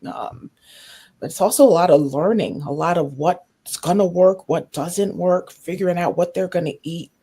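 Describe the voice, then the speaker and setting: A woman's voice: sits low, dark tone, slightly rough. A woman being interviewed as a family caregiver, speaking reflectively in candid conversation and searching for words.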